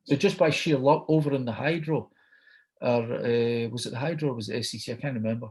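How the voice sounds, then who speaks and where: A man's voice: mid-range voice, brisk, a little mellow. A middle-aged man with a Scottish accent, chatting and telling an anecdote, quoting people as he goes. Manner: chatty, quotes people in dialogue. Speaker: guest storyteller.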